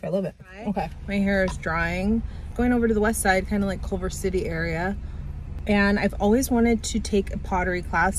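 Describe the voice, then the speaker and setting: A woman's voice: lowish voice, darkish tone, slight background noise. A woman chatting casually to her camera as a lifestyle vlogger, upbeat and rambling. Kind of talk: casual vlog chat to camera.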